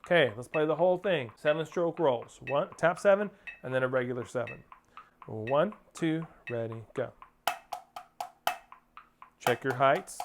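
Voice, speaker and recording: A man's voice: mid-range voice, unhurried, long pauses, background noise. A man teaching a percussion lesson, counting off and singing rhythms aloud as he coaches. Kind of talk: instructional drum lesson. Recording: spoken over loud percussion playing.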